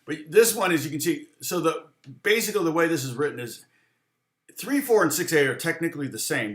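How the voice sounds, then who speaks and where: A man's voice: fairly high pitch, expressive, fairly quick. A man teaching guitar on a live stream, answering viewer questions, thinking aloud with a rambling manner and counting and scatting rhythms. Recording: roomy echo.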